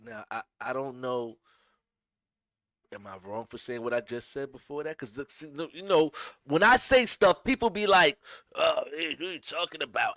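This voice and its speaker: A man hosts a casual commentary, talking emphatically and restarting often. His voice sits on the higher side and swings widely in pitch. The sound is dry and close. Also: moderate pace, no echo. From upstate New York. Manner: animated, emphatic, many restarts. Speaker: host.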